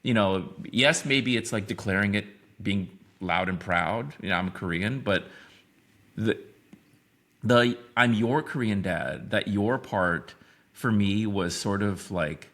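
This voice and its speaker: A man's voice: fairly low pitch, slow, a bit bright. A man in his fifties, a podcast guest, talking reflectively in a rambling way with many restarts. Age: 50s. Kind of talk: casual interview talk.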